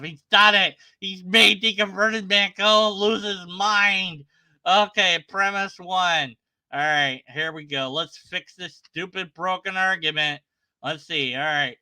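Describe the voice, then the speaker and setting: A man's voice: a little high, pushed and bright, smooth, no echo, low-quality recording. A man ranting sarcastically in a reaction commentary, exasperated and swearing, sometimes trailing off into muttered asides. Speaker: video commentator.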